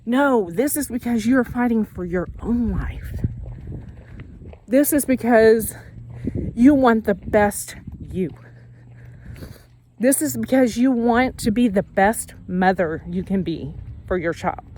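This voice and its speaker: This faith vlogger's voice is fairly high and mellow, and she takes it slowly with frequent pauses, over a little hiss or hum. Walking as she talks, she offers an earnest, casual faith and fitness pep talk, repeating and correcting herself as she goes.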